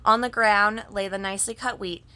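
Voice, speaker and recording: A woman narrates a children's story with a gentle, even delivery. Her voice is bright and crisp, at a middle pitch. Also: moderate pace. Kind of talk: reading a children's story aloud.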